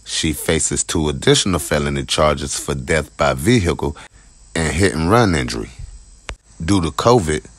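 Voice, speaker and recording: A male crime news host with an extremely low voice. He narrates slowly and deliberately, like a channel sign-on and sign-off. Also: animated, no room sound. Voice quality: very deep voice.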